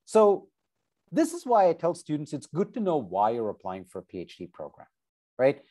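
A man's voice: fairly high pitch, normal speed. A man, a professor, giving informal advice about graduate school over a video call, chatty and conversational, often checking in with "right?" and "okay?". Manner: animated, conversational, many asides like "right?" and "okay?".

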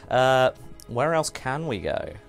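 A man's voice: medium pitch, very animated, takes it slowly, vocal fry, soft background music. A man hosting a casual game livestream, chatting in a rambling way and often trailing off and restarting. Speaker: livestream host. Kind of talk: casual gameplay chat.

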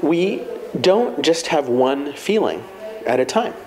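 Soft music plays behind this poorly recorded guest, whose voice is on the high side and whose pace is slow. In conversation he muses on feelings and tells stories from his life, animatedly repeating his own lines.

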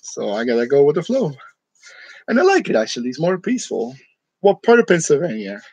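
A man's voice: on the high side, huge pitch swings, fairly quick, darkish tone, breathy edge, dry recording, rough recording. A man from New York chatting casually with his viewers, joking and laughing often in a room decorated for Halloween. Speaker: channel host. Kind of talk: casual live chat with viewers.

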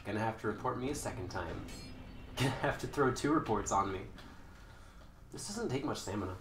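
A young man rambling and joking as he streams a game, now and then breaking into sudden loud outbursts. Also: lowish voice, lively intonation, brisk. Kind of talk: casual live-stream commentary. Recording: echoey room with faint noise.

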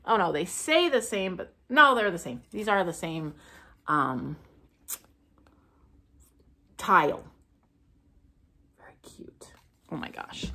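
A woman's voice: mid-range voice, fairly bright tone, slightly rough. A woman, a thrift vlogger, chatting casually through a haul video and gushing over each item she unwraps.

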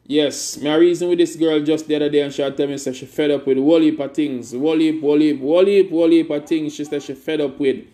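A man's voice: fairly high pitch, steady tone, fairly quick, few pauses, mellow. Emphatic man, spoken word. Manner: rhythmic, emphatic delivery. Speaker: spoken word poet hosting a live stream. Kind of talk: spoken word performance and casual chat.

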